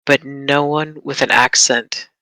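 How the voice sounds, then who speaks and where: Tabletop player, in character, measured and formal, bright tone, dry close mic. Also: mid-range voice, fairly even intonation, dry recording, poor audio. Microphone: desk mic for an online stream.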